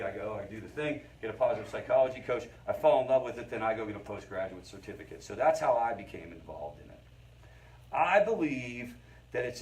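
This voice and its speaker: A middle-aged man lectures a recovery group at an easy, mid-range pitch, sounding a little distant from the microphone. He talks casually and keeps asking his audience whether they follow him. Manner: conversational, keeps checking in with the audience. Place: meeting room with a group. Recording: voice picked up from a distance.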